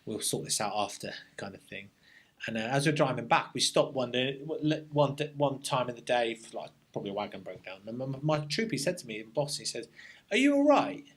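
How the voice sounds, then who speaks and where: A man, an army veteran and guest, telling a story in a relaxed interview, reflective and full of army slang, often restarting his sentences. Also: mid-range voice, brisk.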